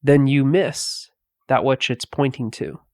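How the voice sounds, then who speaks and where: Guy giving a slow calm spiritual talk, lots of pauses, dry close sound. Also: mid-range voice, no room sound. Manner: slow, pausing, softly spoken. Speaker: spiritual teacher.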